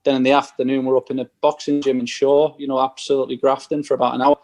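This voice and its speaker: Speaking quickly in a flat, mid-range voice with a darkish tone, a man who once played football swaps stories on a podcast, performing the conversations he recounts.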